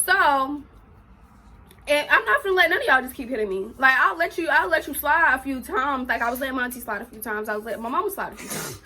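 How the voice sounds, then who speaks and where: A teenage girl, telling a personal story in an emotional, animated way for her vlog. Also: high-pitched, quick pace, few pauses, slight background noise. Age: teens. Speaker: vlogger.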